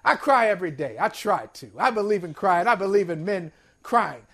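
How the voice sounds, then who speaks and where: A man's voice: sits high, expressive, normal speed, fairly bright tone. A man hosting a sports talk show, talking in a discursive, emphatic way with playful asides. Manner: sincere and playful, laughs at himself.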